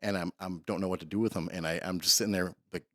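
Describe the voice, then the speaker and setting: Deep-voiced man telling long stories. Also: steady tone, fast talker, sharp tone, no room sound, clean studio sound. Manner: rambling, self-interrupting storyteller. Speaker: guest, police canine trainer. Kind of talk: casual storytelling interview.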